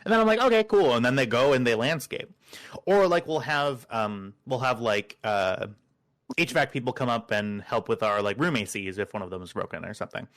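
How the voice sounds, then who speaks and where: A man's voice: medium pitch, a little fast, fairly bright tone. A man chatting casually with friends, retelling a work story and acting out the quoted dialogue. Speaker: podcast regular.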